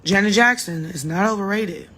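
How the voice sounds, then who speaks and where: A tipsy woman in her thirties talks into her phone late at night, rambling and swearing with emphatic punch. Her pitch sits mid-range for a woman, loose and chatty. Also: normal speed, fairly bright tone, husky. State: a little drunk. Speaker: singer livestreaming to fans. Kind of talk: casual late-night livestream chat. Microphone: phone livestream.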